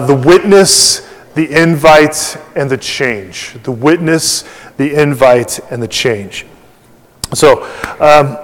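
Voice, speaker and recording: A middle-aged man preaching a sermon as pastor, chatty and conversational, full of fillers and restarts, acting out quotes with animation. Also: on the high side. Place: church sanctuary. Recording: long reverb of a church hall.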